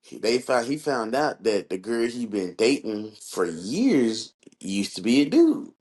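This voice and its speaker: A man's voice: mid-range voice, sing-song, measured pace, a little mellow, husky. A young man co-hosting a podcast, telling stories in loose, profane slang. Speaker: podcast co-host. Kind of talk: casual chat.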